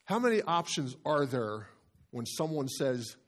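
Middle-aged male pastor, mid-pitched voice, emphatic sermon delivery into a church mic. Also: very animated. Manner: emphatic, repeats phrases, slows down to stress key words. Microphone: handheld or stand microphone.

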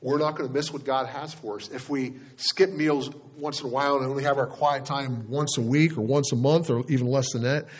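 A man's voice: mid-range voice, fairly even intonation, brisk, few pauses, breathy edge. A man leading a Bible study sermon, speaking plainly and earnestly, with frequent fillers and restarts. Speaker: pastor.

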